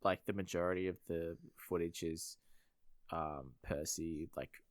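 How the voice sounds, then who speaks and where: A man's voice: low-pitched, steady tone, unhurried, no echo, studio quality. A man co-hosting a film review podcast, rambling through a scene recap with many fillers. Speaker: podcast co-host. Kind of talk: casual film review chat.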